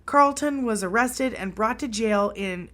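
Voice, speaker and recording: A woman co-hosting a casual history podcast, reading stories and reacting with quick exclamations. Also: fairly high pitch, a bit bright. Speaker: podcast co-host.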